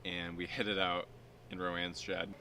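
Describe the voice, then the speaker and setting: Deep low man, camp staffer, playful telling, faint background noise. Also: flat delivery, moderate pace, pushed and bright. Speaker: summer camp staff member. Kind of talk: casual storytelling to camera.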